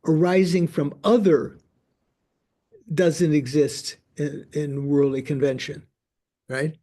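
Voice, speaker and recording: Older man explaining, mellow, halting. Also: a little high, fairly even intonation. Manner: halting, repeats words while thinking aloud. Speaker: Buddhist teacher. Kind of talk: discussing a text with a student.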